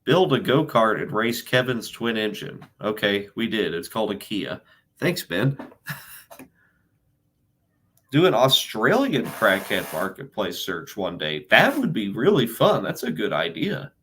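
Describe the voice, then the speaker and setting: A man hosting a casual livestream Q&A who reads viewer questions aloud and answers them with dry, deadpan humor. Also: lowish voice, measured pace, breathy edge.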